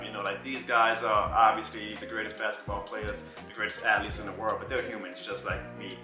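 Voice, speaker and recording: This New Orleans vlogger speaks in a bright but lowish voice, moving quickly with hardly any pauses. Recounting a personal story casually, he laughs often, does voices, and stays lively, while faint music plays in a roomy space.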